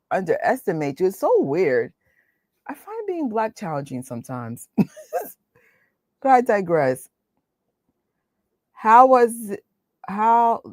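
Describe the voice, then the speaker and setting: A woman in her forties with a New York accent, hosting a casual chat, animated and laughing often. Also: lowish voice, no echo. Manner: animated, laughs often, talks in quick bursts. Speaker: host.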